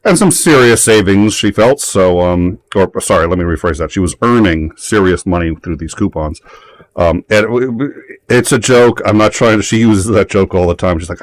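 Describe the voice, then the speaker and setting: A man in casual conversation, telling anecdotes with frequent laughs and halting restarts. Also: sits low, no room sound. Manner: chatty storyteller, laughs often, halting restarts. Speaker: talk show participant. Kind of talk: casual chat.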